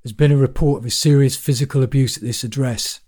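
A man's voice: medium pitch, fairly even intonation, fast, warm tone, husky, lightly acted. A man voicing an urgent, authoritative police officer in an audiobook. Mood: firm. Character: brisk firm male police officer.

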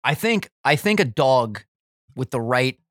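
A young man co-hosting a podcast, animated and joking, swearing freely as he banters. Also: mid-range voice, dry recording, studio quality. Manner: animated, joking, profane, quick to laugh. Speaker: podcast co-host. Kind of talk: casual banter.

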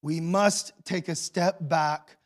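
A man preaching a sermon as pastor, telling the story with swings between hushed and loud emotional delivery. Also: fairly high pitch, fairly even intonation, slow pace.

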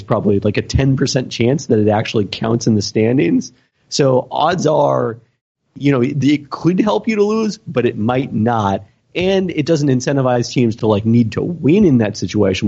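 A man's voice: mid-range voice, vocal fry, mellow, slightly rough, dull audio. A man on a podcast panel talking through ideas casually, hesitating and searching for words with many fillers. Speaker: podcast panelist answering listener questions.

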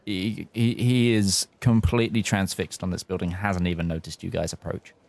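A man running a tabletop game as its narrator, halting and full of restarts and chuckles. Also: deep voice, little pitch movement, vocal fry, darkish tone. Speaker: dungeon master.

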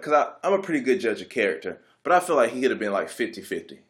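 Young man, low voice, laid-back, rambling, casual storytelling. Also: big pitch swings, fast talker, hardly any pauses, fairly bright tone. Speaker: vlogger.

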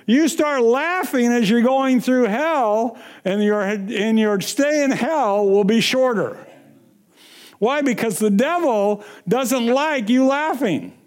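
A middle-aged man preaching a sermon, telling a personal story with sudden swings from loud to hushed. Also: very high-pitched, slow pace. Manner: breaks into sung lines and laughter.

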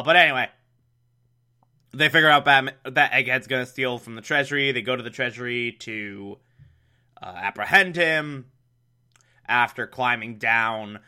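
A man's voice: mid-range voice, unhurried, pushed and bright, clear, resonant tone. A man giving a sarcastic, exasperated recap of an old TV episode, mocking it and laughing at it. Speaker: show recapper.

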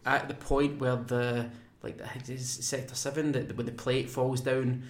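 A man's voice: medium pitch, level tone, moderate pace. A man co-hosting a podcast, talking casually with many ums and little laughs. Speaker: podcast co-host. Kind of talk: casual chat. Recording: roomy echo.

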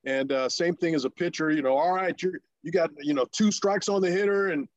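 Halting, storytelling man in a dry room. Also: a little high, no room sound, highs cut off. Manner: halting, many fillers and restarts, excited quoted voices. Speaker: interview guest, former pro pitcher. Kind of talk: storytelling interview.

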